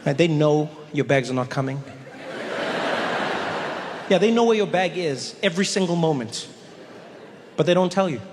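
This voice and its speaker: Comedian guy telling stories on stage, goes into silly voices, bit high pitched, faint noise behind. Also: moderate pace, pauses often. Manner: storytelling, animated, with sudden exaggerated voices. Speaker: stand-up comedian. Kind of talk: stand-up comedy set. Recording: long hall reverb, faint noise.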